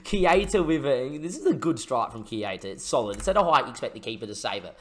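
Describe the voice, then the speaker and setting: A young man giving let's-play commentary over a football management game, dropping to low mutters and rising to excited shouts. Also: fast talker. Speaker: gaming YouTuber and streamer.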